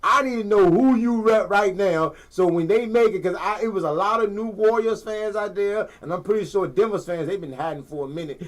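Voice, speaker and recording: Man, podcast host, casual sports talk, slangy, rambling, fairly high voice. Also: fairly quick, hardly any pauses. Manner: animated, slangy, rambling with repeated phrases. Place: living room.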